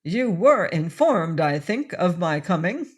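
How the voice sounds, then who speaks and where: A woman's voice: fairly low pitch, big pitch swings, measured pace, husky, exaggerated voice. A woman reading an audiobook, voicing an elegant little colonial lord who speaks dryly and with formal authority.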